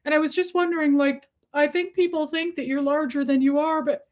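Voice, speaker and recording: A woman's voice: high voice, fairly even intonation, a little fast. A woman hosting a casual livestream, chatting and greeting viewers by name in an affectionate way. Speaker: livestream host.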